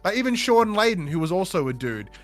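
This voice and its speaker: A man hosting a podcast in casual chat, animated and emphatic, swearing offhand. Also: high-pitched, brisk, faint music behind. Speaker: podcast host.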